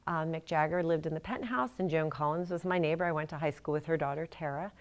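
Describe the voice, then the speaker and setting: A middle-aged woman author speaks quickly in a low voice at a library event. Her talk is casual and chatty, full of self-deprecating jokes that she laughs at herself.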